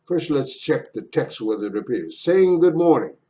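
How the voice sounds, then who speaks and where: A man's voice: mid-range voice, sing-song, moderate pace, mellow. A man teaching an introductory Japanese lesson in a casual, playful way, repeating words aloud for his students. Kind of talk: casual online language lesson.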